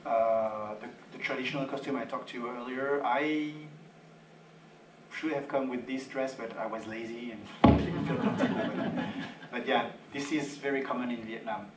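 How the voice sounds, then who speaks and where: A man's voice: medium pitch, steady tone, moderate pace, heavy background noise. A man from France giving an informal public talk to an audience in a church fellowship hall, with joking asides. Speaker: guest speaker. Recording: roomy hall sound from a distant mic.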